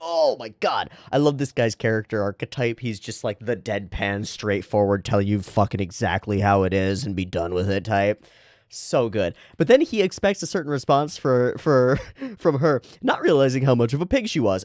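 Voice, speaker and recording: A man's voice: medium pitch, big pitch swings, moderate pace, darkish tone, no echo, studio quality. A man hosting an anime reaction video, talking casually and animatedly, often laughing and swearing as he comments.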